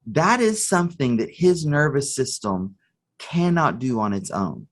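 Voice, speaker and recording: A man's voice: medium pitch, big pitch swings, unhurried. A man, a therapist guest on a podcast, explaining with a story and clinical terms. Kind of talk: podcast interview.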